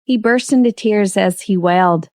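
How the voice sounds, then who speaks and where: A woman narrating an audiobook novel in steady storytelling. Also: mid-range voice, normal speed, no echo, studio quality. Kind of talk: scripted narration.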